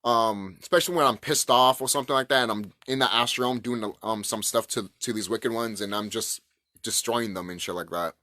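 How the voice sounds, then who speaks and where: A man's voice: fairly low pitch, fairly quick, bright, forceful tone, dry recording. A man ranting to camera in a rambling, profane, emphatic way about spiritual ideas. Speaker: vlogger. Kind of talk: casual spiritual rant to camera.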